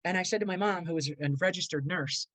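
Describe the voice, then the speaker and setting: Talking fast in a lowish, fairly bright voice, a middle-aged motivational speaker on a podcast rambles earnestly through a personal story and imitates the people in it. The recording is dry and rough.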